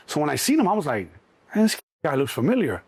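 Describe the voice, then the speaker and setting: A middle-aged man from Chicago, a guest in an interview, telling his story in an animated way and acting out the people in it. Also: a little high, fast, breathy edge, no room sound. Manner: animated, acts out cops and himself in quotes.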